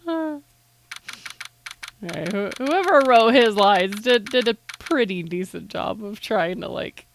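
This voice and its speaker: A woman's voice: medium pitch, expressive, a little slow, vocal fry, few pauses, a little hiss or hum. A woman streaming a game live, making giggly, self-mocking asides between reading lines. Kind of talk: live game playthrough commentary. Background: game music.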